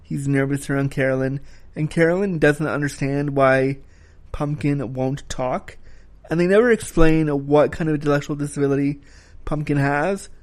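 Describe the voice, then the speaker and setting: A man's voice: a little high, steady tone, normal speed, a little mellow. A man giving a casual spoken film review, talking frankly and critically, with the occasional swear word.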